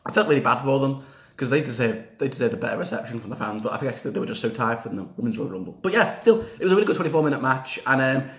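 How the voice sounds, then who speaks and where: A man chatting casually in a fan reaction video, rambling with fillers and repeated words and breaking into excited cheers. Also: medium pitch, racing, echoey room. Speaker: wrestling reaction vlogger.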